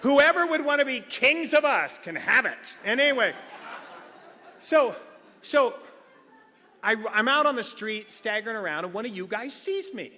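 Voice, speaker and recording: A man's voice: extremely high pitch, normal speed, pauses often, a little hiss or hum. A middle-aged man giving a comic recovery share at a meeting, acting out the voices in his stories. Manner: animated comic storyteller, acts out quotes. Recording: reverberant hall sound.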